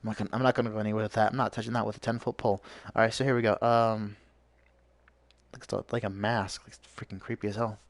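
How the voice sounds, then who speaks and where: A man's voice: on the low side, level tone, quick pace, no echo. A man giving live gameplay commentary as a streamer, rambling and ranting with plenty of swearing.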